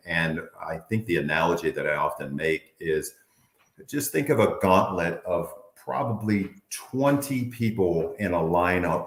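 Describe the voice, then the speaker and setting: A man in his fifties, a former football player from the Bay Area, telling animated stories in an interview and acting out quotes. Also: deep voice, roomy sound. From Bay Area, United States. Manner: animated storyteller, acts out quotes, laughs often. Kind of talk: candid interview storytelling.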